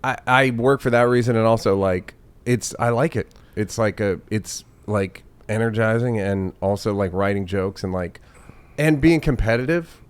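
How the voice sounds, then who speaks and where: Comedian guest, man, lowish voice, deadpan and rambling. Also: normal speed, clear, resonant tone. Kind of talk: casual comedians' chat.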